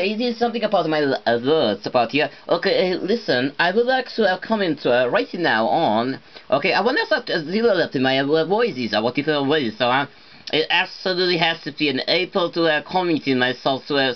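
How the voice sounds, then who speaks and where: A man talking alone in halting, non-native English, full of fillers and restarts. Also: on the high side, muffled recording. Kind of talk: rambling solo monologue.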